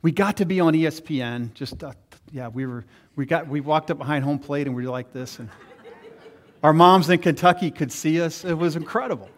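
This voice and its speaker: A man's voice: a little high, a little fast. A middle-aged male pastor preaching a sermon, telling stories and acting out the voices of people he quotes. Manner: storytelling, animated, acts out quoted voices.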